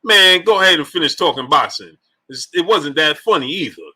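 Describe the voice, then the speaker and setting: A man hosting a boxing live stream in a loose, joking chat style, shouting out viewers by name and urging them to like the video. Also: a little high, animated, fairly quick, poor audio. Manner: loose, laughing, joking banter. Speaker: boxing livestream host.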